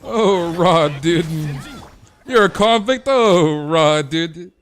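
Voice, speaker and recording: A man voicing a mocking caricature of a swooning young woman who gushes in drawn-out sighs. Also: on the high side, lively intonation, a bit bright, slight background noise, voice pushed up, heavily acted. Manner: breathless gushing, drawn-out sighs.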